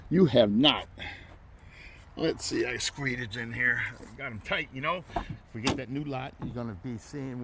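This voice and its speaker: A man, running a folksy, loud, hard-selling walkthrough of his used car lot outdoors. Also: medium pitch, a little hiss or hum. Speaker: used car dealership owner.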